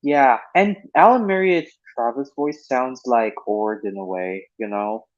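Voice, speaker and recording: A man's voice: mid-range voice, unhurried. A man hosting a casual voice-chat stream, chatty and enthusiastic, often laughing. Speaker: stream host. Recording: lo-fi online voice chat.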